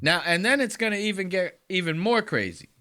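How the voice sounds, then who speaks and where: A man's voice: sits high, lively intonation, a little fast, bright, forceful tone. A man hosting a podcast, reacting to clips with profane, incredulous rants. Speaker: podcast host.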